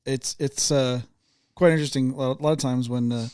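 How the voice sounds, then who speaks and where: A man co-hosting a faith podcast, speaking casually with many pauses and restarts. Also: medium pitch, steady tone, a little mellow, clear, resonant tone, dry recording, clean studio sound. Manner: halting, many fillers and restarts. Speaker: podcast co-host. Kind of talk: casual chat.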